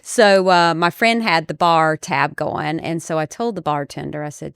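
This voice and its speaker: Smooth-voiced woman hosting. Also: low-pitched, moderate pace, hardly any pauses, no room sound, clean studio sound. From United States. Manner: lively storyteller who acts out quoted speech. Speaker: optometrist podcast host. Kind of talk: casual conversational storytelling.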